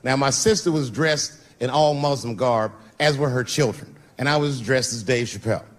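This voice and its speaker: A man performing a profane, animated stand-up routine, telling a long story. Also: mid-range voice, moderate pace. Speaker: stand-up comedian. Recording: live stage recording with audience noise.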